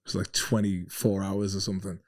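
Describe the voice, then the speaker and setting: A man's voice: low-pitched, little pitch movement, brisk. An Irish man telling casual, swearing anecdotes as a podcast guest. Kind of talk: casual storytelling.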